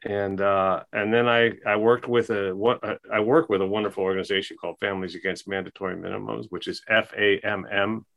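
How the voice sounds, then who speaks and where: A man's voice: lowish voice, little pitch movement, brisk, vocal fry, few pauses, fairly bright tone. A man guest on a podcast, telling a long story casually with many fillers and restarts.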